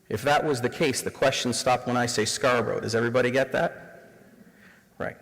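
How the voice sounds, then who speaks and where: A man's voice: mid-range voice, fairly even intonation, brisk. Canadian guy in his 40s doing a diversity talk, keeps asking the room questions, echoey hall sound. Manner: engaging, asks the audience rhetorical questions. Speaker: diversity workshop facilitator. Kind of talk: live presentation to an audience. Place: room with a live audience.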